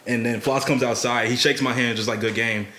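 A man's voice: medium pitch, fairly even intonation, brisk, fairly bright tone. Young male podcast host in an echoey room. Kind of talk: casual chat.

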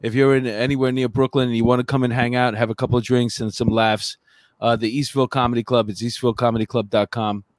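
A man's voice: mid-range voice, level tone, quick pace, no room sound. A man with a New York accent, a comedian co-hosting a podcast, telling stories and cracking jokes in casual chat. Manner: joking, wisecracking storyteller. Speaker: co-host and comedian.

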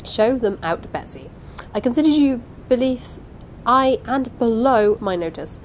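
A woman's voice: mid-range voice, animated, moderate pace, slight background noise, close to an everyday voice, rough recording. A woman putting on a pompous blustering steward. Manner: blustering, contemptuous, emphatic. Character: pompous angry middle-aged male steward. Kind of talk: audiobook reading.

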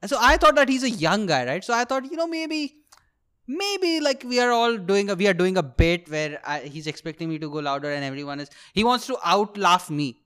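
Speaking in a high, smooth voice, this young Indian English-accented podcast host and would-be comedian tells a story in a comedic monologue. He talks a little fast with few pauses, stays animated, curses freely, and laughs at his own jokes.

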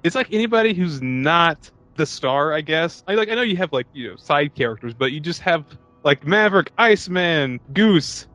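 Guy cracking jokes about an old movie, kinda high voice, dry sound. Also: expressive, moderate pace, bright, forceful tone, dry recording, faint music behind. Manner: jokey, acts out quotes in silly voices. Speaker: podcast co-host. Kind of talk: casual comedic movie chat.

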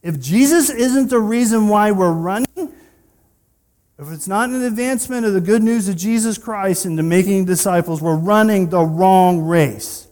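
High-voiced man preaching in a reverberant hall. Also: a little slow, darkish tone. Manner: conversational, with personal asides and rhetorical questions. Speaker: pastor. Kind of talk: sermon. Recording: long reverb of a large hall.

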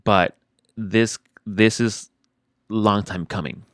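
A man's voice: fairly low pitch, fairly even intonation, slow, fairly bright tone, clean tone, no echo, studio quality. A young adult man in casual chat, talking frankly and profanely about feelings, often restarting his sentences.

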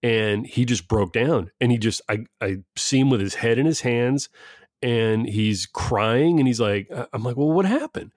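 This middle-aged man, a parent, chats casually about schooling, laughing and starting over often as he rambles. His voice is medium-pitched and a little slow, with clean studio sound and no echo.

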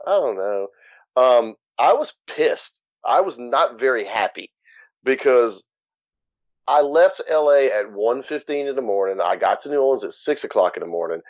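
A man's voice: medium pitch, animated, normal speed. A man from Louisiana, a podcast guest, recounting his own past in a plain, matter-of-fact way with frequent restarts. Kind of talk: candid personal account. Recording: dull, muffled dry recording.

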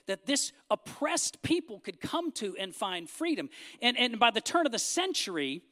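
Folksy high-voiced man preaching. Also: fairly bright tone, long reverb tail. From Arkansas. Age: 50s. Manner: folksy, joking, rising to emphatic bursts. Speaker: speaker addressing a church crowd. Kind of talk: humorous sermon-style speech.

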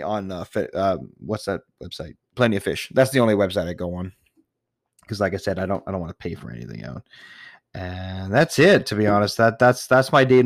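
A medium-pitched man casually tells stories about his dating experiences, rambling with repeated restarts, laughter and the odd swear word. The sound is clean studio audio with no echo.

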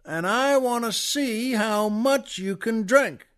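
A man playing a big, loud, brash Texan cowboy who booms out slow, boastful lines. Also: exaggerated voice. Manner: booming, drawn-out boasting.

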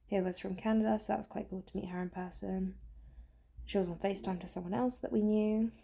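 A woman with a croaky voice, chatting casually to camera in a rambling, self-deprecating way. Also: medium pitch, fairly even intonation, fairly quick, mellow. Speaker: vlogger. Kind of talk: casual storytime chat.

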